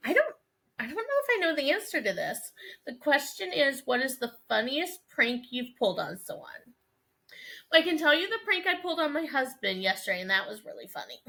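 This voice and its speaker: High, bright-voiced woman podcast host. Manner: laughing, storytelling, swears freely. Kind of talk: casual podcast chat.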